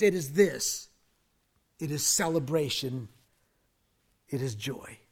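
A male pastor preaching a sermon, dropping to hushed whispers and then rising to loud, emphatic declarations, and asking the congregation to say lines with him. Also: mid-range voice, lively intonation, slow, pauses often, husky. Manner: invites the congregation to speak along.

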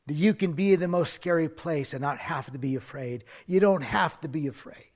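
A male pastor preaching a sermon, dropping to hushed whispers and then rising to loud, emphatic declarations, and asking the congregation to say lines with him. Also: fairly high pitch, moderate pace, hardly any pauses. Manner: invites the congregation to speak along.

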